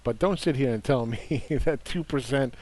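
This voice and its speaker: A man's voice: mid-range voice, moderate pace, darkish tone. Combative man on market commentary. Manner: combative, dismissive, repeats words for emphasis. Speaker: investing commentator.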